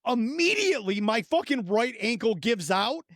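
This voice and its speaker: A man in his thirties co-hosting a podcast, telling a profane, animated story and acting out his own reactions. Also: extremely high pitch, normal speed, no echo, clean studio sound. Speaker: podcast co-host. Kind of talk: casual storytelling chat.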